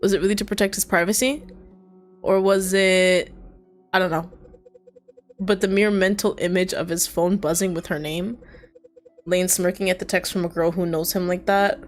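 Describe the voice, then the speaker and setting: A woman streamer reading a story game aloud with live commentary, expressive and casually swearing. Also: lowish voice, normal speed, long pauses, faint music behind.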